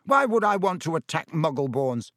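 A man's voice: on the high side, big pitch swings, normal speed, a bit bright, no room sound, studio quality, pitched above the performer's own voice. A man voicing a hot-tempered teenage schoolboy who speaks in a tense, clipped, angry way. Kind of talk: audiobook character voice.

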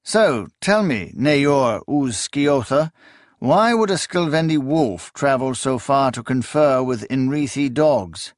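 A man's voice: medium pitch, expressive, takes it slowly, no room sound, clean studio sound, voice pushed up. A man voicing a proud prince who speaks with courtly, commanding ease. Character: proud young prince, commanding and smooth-talking.

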